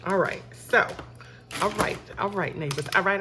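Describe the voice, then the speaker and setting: A budgeting vlogger counts cash aloud for her budget while chatting casually with her viewers, calling them y'all. Her voice is medium-pitched at a moderate pace, with a noisy background.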